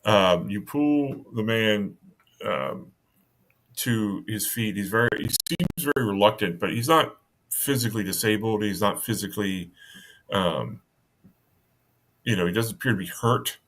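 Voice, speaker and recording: A man narrating as game master of a tabletop game, halting and full of fillers. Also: lowish voice, a bit bright. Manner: halting, many fillers and restarts.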